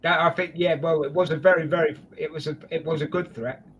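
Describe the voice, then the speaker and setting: A man's voice: a little high, steady tone, a little fast, fairly bright tone, lo-fi sound, faint music behind. A man hosting a casual football preview chat, joking and calling his guests mate. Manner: jokey, chatty, addresses guests as mate. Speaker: host.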